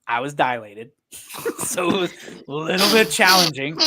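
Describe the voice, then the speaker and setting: A man's voice: fairly high pitch, animated, moderate pace, background noise. A man co-hosting a sports show, bantering casually, rambling and teasing his partner. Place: streaming studio.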